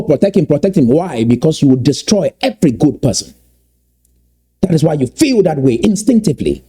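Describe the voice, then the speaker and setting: A man giving impassioned political commentary, emphatic and repeating key points slowly for weight. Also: on the high side, mellow, slightly rough.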